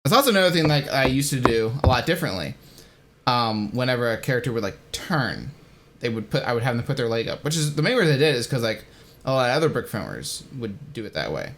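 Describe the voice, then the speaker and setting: A man's voice: medium pitch, sing-song, fast talker, fairly bright tone, slight background noise. A young man hosting a casual, self-mocking commentary, rambling and swearing now and then. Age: young adult. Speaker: host.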